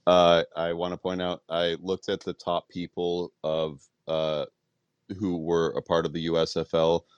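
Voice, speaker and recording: Man host, very low voice, casual fact recap, dry. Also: monotone, measured pace, clear, resonant tone, no echo, highs cut off. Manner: reads facts with fillers and restarts. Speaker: podcast host.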